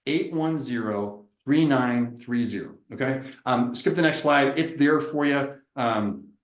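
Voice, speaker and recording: Energetic man giving a talk, roomy echo. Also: medium pitch, a little slow. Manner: lively, preacherly, acts out little dialogues. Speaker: chiropractor giving a presentation.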